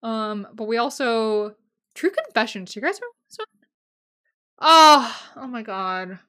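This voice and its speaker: A young woman hosting a casual solo podcast, gushing and emotional, swinging between loud excited bursts and quiet asides. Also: fairly high pitch, moderate pace. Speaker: podcast host.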